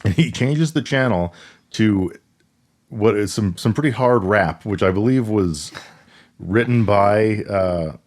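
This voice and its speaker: A man co-hosting a podcast, retelling a film scene by scene in a rambling, halting way with many fillers and restarts. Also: on the low side, darkish tone. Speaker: podcast co-host. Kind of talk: casual chat recapping a film.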